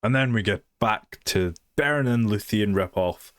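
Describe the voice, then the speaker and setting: Guy ranting sarcastically about a show, kinda low voice, dry close sound. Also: normal speed, clear, resonant tone, no room sound. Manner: blunt, sarcastic, swears freely. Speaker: TV show reviewer. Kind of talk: casual opinionated review.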